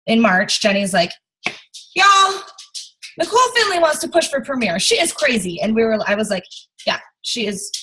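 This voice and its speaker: A woman leading a team training on a video call, chatty and rambling, with fillers and quick bursts of speech. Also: mid-range voice, a bit bright, rough recording. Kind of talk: casual chat.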